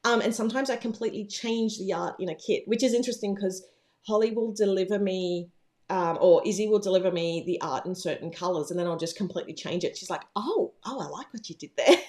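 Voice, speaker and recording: A woman's voice: medium pitch, steady tone, fast, darkish tone. A woman hosting a casual livestream from home, chatting in a rambling, bubbly way with lots of fillers. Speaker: livestream host, planner business owner.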